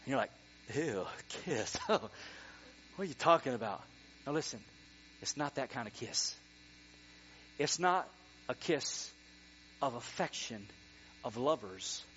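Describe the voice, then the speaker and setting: A middle-aged male pastor preaching a sermon, animated, swinging from quiet talk to excited near-shouting. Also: mid-range voice. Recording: dull lo-fi sound with mains hum.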